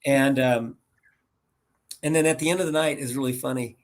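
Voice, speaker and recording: An American man in his sixties, a guest rambling through animated anecdotes over a video call. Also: mid-range voice, moderate pace. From United States. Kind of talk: casual storytelling interview.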